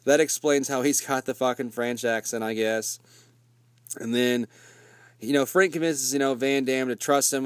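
A man's voice: mid-range voice, fairly even intonation, moderate pace, clear, resonant tone, no echo. A man casually recapping a movie plot in a rambling, profane, laid-back way.

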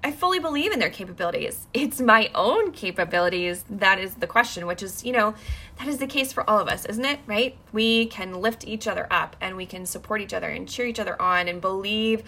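A woman's voice: mid-range voice, animated, a little fast, pushed and bright. A woman casually retelling a personal experience, emotional and rambling, with many fillers.

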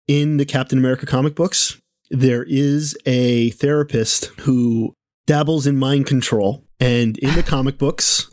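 A man's voice: medium pitch, a little mellow, no echo. Hesitant man on a dry mic. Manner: hesitant, many filler "uh"s and restarts. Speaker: podcast co-host. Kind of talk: casual podcast chat.

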